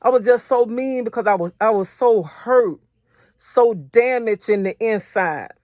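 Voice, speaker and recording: A woman's voice: on the high side, a little slow, a little mellow, no echo, clean studio sound. Earnest woman giving a faith talk. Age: adult, married. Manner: repetitive, earnest, conversational preaching; personal testimony in casual vernacular. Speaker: faith encourager.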